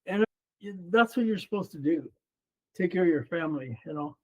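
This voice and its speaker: A man's voice: a little high, expressive, moderate pace, darkish tone. A man in his seventies from Mexico, talking earnestly about his life as a podcast guest, often saying "you know". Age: 70s. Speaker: guest, former runner and coach. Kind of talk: personal storytelling in conversation. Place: room at his home. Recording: dull lo-fi sound.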